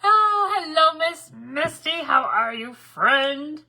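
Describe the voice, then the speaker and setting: A woman's voice: high-pitched, lively intonation, takes it slowly, gravelly, bright, forceful tone. A middle-aged woman hosting a casual craft livestream from her home craft room, chatty, laughing often and greeting viewers by name. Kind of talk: casual live-stream chat.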